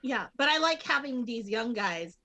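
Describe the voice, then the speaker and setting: On a wrestling podcast, a guest co-host with a fairly high voice talks at a moderate pace in a loose, rambling way, full of fillers and restarts. Now and then she erupts into loud, excited shouts. The highs in the recording are cut off.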